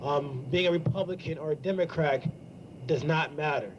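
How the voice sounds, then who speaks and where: A young man speaking to a campus gathering, earnest and halting, pausing often as he shares a personal reflection. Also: on the high side, muffled recording, slight background noise. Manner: earnest, halting, with many ums and pauses. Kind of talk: heartfelt spoken reflection.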